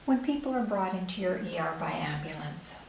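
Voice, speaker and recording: A woman's voice: fairly low pitch, lively intonation, fairly quick, vocal fry, a little mellow. Older woman author telling a story in an echoey room, heard from a distance with faint hiss. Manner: vivid storyteller who acts out dialogue. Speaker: author and speaker. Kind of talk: personal storytelling talk.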